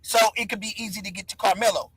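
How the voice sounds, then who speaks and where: High, bright-voiced man hosting a livestream. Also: steady tone, fast, husky, poor audio. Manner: loose, conversational, hypes the chat. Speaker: livestream host. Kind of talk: casual livestream chat.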